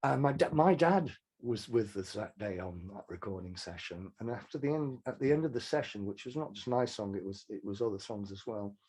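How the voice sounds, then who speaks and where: Husky older Mancunian man storytelling. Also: on the low side, animated, a little fast, hardly any pauses, a little mellow. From Manchester, England. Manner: rambling anecdotes with restarts, frank. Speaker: songwriter guest. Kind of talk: casual interview storytelling.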